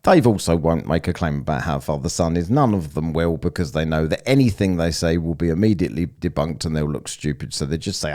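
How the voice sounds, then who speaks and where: A man's voice: rumbling low, animated, fairly quick, few pauses, mellow. A man giving sarcastic, profane commentary on a clip he is reacting to. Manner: mocking, profane, sneering.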